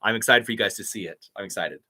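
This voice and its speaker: With a fairly low pitch, a breathy edge and a pushed, bright sound, a fast-talking young man answers live chat. This YouTube impressionist stays casual and upbeat, reading comments and thanking viewers.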